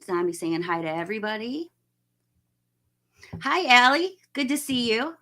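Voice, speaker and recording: A woman's voice: on the high side, very animated, normal speed, sharp tone. A woman hosting a casual live stream, chatting and greeting viewers by name, laughing often.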